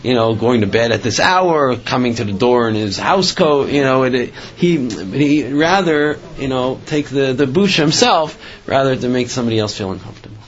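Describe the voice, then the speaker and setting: A man's voice: mid-range voice, lively intonation, normal speed, hardly any pauses, lo-fi sound. A man giving a religious storytelling talk, rambling with many restarts and filler phrases. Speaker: religious speaker.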